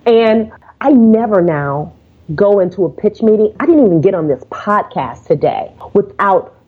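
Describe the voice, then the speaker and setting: A woman guest on a podcast telling stories about pitching, acting out phone calls in quoted voices. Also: expressive, moderate pace, slightly rough. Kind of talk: casual interview storytelling. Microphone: remote call. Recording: tinny phone-like line.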